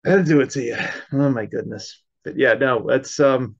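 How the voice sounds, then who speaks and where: A man's voice: mid-range voice, moderate pace, vocal fry. A man hosting an interview, asking rambling questions full of fillers. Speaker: podcast host, interviewer. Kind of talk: casual interview. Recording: dull, lo-fi remote audio.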